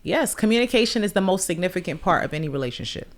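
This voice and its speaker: A woman's voice: fairly low pitch, animated, fast. A woman on a podcast explaining relationships frankly and crudely, like a coach, in casual chat.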